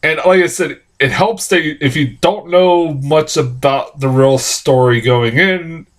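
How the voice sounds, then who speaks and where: A man giving a rambling, casual film review, swearing often and laughing at his own points. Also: unhurried. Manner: animated, jumps high in pitch when exclaiming.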